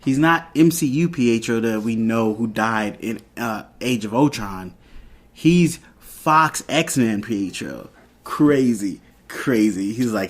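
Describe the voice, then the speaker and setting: A man's voice: mid-range voice, lively intonation, slow pace. A man hosting a podcast, casually retelling a TV episode and acting out the characters' lines as he goes. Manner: rambling retelling with quoted lines. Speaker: podcast host.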